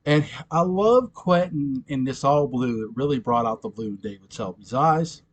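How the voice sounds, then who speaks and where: A man's voice: mid-range voice, lively intonation, moderate pace. A man recapping a TV episode in casual chat, rambling and giggling often, correcting himself as he goes. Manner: giggly, rambling, frequent laughter and self-corrections. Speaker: fan commentator recapping episodes.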